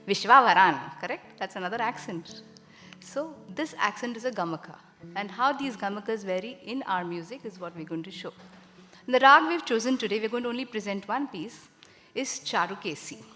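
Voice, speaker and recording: A woman presents a concert in a teacherly, chatty way, throwing questions out to the audience. Her voice carries a long hall reverb, and soft instrument sounds sit underneath. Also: medium pitch. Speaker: carnatic vocalist presenting a concert. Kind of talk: explaining music to a live audience.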